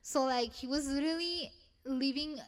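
A woman's voice: high voice, normal speed. A young woman with a thick Mexican Spanish accent, a retail worker rambling and swearing in casual chat. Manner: rambling, swearing, self-deprecating.

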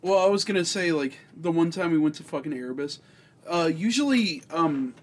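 Male co-host, slightly high voice, irritable casual ranter. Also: lively intonation, normal speed. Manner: irritable, swearing rant. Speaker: podcast co-host. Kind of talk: casual chat.

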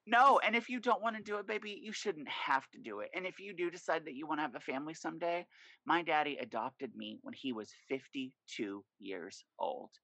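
Animated, profane man in casual chat. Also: a little high, fairly quick, vocal fry, dry recording, rough recording. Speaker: podcast guest.

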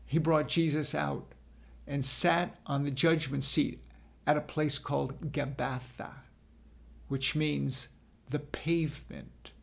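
A man narrating a dramatic scripture retelling as the apostle Peter, in a deliberate, solemn way. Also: a little high, steady tone, creaky.

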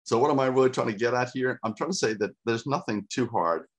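A man preaching a sermon as a pastor, emphatic, with dramatic pauses and repetition. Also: mid-range voice.

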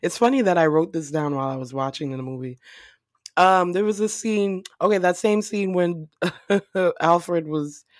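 A woman's voice: lowish voice, measured pace, no room sound. A woman co-hosting a podcast, chatting casually about a movie, laughing often and swearing freely.

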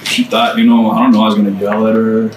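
A man's voice: lowish voice, little pitch movement, quick pace. A man giving his testimony to a small group in a casual, earnest way, often adding "man" and repeating phrases for emphasis. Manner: casual and conversational, peppered with "man" and "dude". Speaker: guest speaker sharing his testimony. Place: indoor room with a small group of listeners. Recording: echoey room, voice picked up from a distance, faint background hum.

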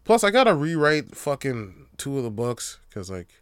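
A man's voice: mid-range voice, sing-song, moderate pace, fairly bright tone, smooth, dry recording, studio quality. A man hosting a podcast on his own, ranting in a casual, profane, rambling way that often turns heated. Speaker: podcast host. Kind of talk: casual solo podcast rant.

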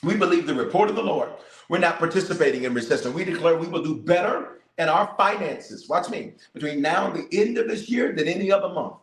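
A man's voice: high-pitched, lively intonation, a little fast, few pauses, echoey room, low-quality recording. A middle-aged man, a bishop, leading a live-streamed prayer and sermon, making declarations and calling on his listeners in a loose, colloquial way.

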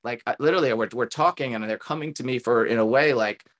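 A man's voice: mid-range voice, quick pace, a bit bright. A man, a tantra coach and podcast guest, speaking earnestly and encouragingly in reflective, run-on thoughts in a casual conversation.

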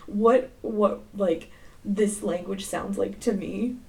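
A woman's voice: mid-range voice, slow pace, creaky, darkish tone. A woman in her twenties co-hosting a podcast, rambling, giggling and swearing. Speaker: podcast co-host. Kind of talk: casual chat.

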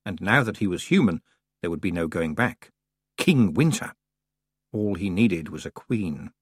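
A man narrating an audiobook in an expressive, playful storytelling manner. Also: low voice, unhurried, husky, dry recording.

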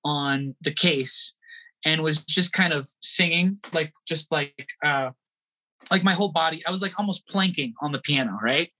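Bright-voiced man telling a tour story. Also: fairly high pitch, moderate pace, slight background noise. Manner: animated, acts out quoted voices, laughs often. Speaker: guest musician. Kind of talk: casual storytelling.

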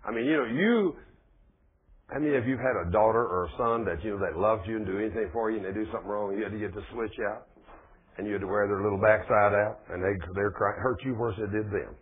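A man's voice: lowish voice, fast talker, husky. A man preaching a folksy sermon, asking his congregation questions. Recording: tinny phone-like radio broadcast.

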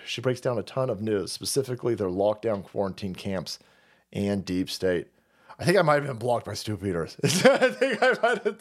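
A man hosting a livestream, ranting casually to chat, swearing constantly and laughing between stories. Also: mid-range voice. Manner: swears constantly, laughs often, animated storytelling. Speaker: livestream host reading chat. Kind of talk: profane casual rant.

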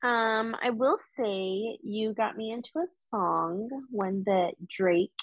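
A woman's voice: mid-range voice, takes it slowly. A woman co-hosting a podcast in a casual chat, giving short encouraging replies and laughing along. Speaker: podcast co-host.

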